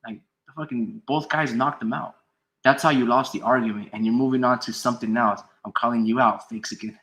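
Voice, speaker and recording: Bright-voiced man arguing with chat. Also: mid-range voice, steady tone, a little fast. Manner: heated, profane, argues with chat; reads chat comments aloud and answers them. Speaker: boxing commentator streamer. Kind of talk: casual live-stream commentary.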